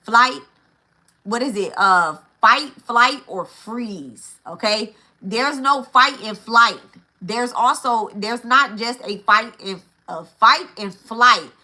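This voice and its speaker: A woman's voice: on the high side, takes it slowly, bright, forceful tone. A woman giving a casual spiritual teaching, blunt and profane, repeating her points and often checking in with "right?" and "okay?". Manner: repeats key phrases for emphasis.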